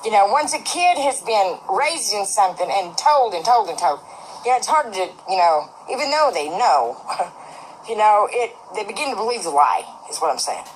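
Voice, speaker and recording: A middle-aged woman hosting a livestream, ranting loudly and bluntly with constant profanity. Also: mid-range voice, big pitch swings, normal speed, a little hiss or hum, poor audio. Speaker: livestream host. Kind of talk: angry profane rant on a livestream.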